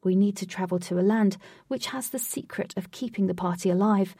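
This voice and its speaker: A woman's voice: medium pitch, a little fast, mellow, no room sound, clean studio sound, recorded from a distance, natural voice. A woman voicing Wraith, a serious male guide who patiently lectures his companion in a storybook reading. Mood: earnest.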